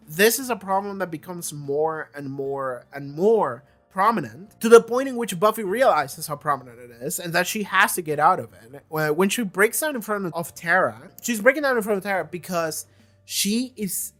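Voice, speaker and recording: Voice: medium pitch, animated, moderate pace, fairly bright tone, soft background music. A young adult host talking through a TV season in a rambling, casual review, repeating words and filling with "like".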